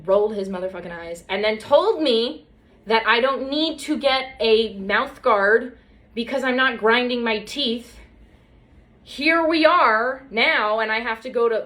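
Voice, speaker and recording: A woman's voice: on the high side, fairly bright tone. A young woman telling stories in casual chat, sarcastic and swearing, mocking other people's lines in put-on voices. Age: young adult.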